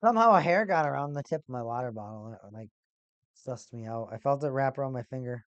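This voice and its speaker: Excitable streamer calling hockey play-by-play. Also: mid-range voice, fast talker, no room sound, highs cut off. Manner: excitable, rises to shouts at big plays. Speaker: watch party streamer. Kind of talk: casual play-by-play commentary.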